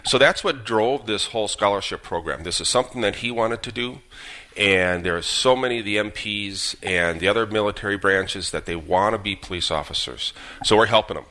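Low-voiced earnest man, radio guest. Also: a little fast. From Minnesota. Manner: earnest, steady, with fillers. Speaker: guest, Gold Star father. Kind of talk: radio interview, personal story.

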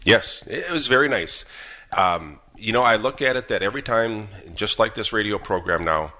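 Low-voiced earnest man, radio guest. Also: normal speed. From Minnesota. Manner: earnest, steady, with fillers. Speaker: guest, Gold Star father. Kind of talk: radio interview, personal story.

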